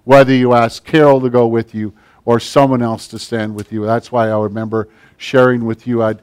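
A pastor preaches to his congregation with strong emphasis. His voice sits at an ordinary pitch for a man, rising loud on key points and dropping to a hush in prayer. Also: level tone, moderate pace, smooth. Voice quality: big build, speaks plainly. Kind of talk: sermon with closing prayer.

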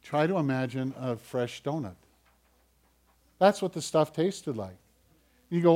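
A man preaching a sermon in an animated way, swinging between loud bursts and quiet asides. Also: mid-range voice, a little slow, pauses often. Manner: animated, acts out whiny voices, swings loud and soft. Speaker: pastor.

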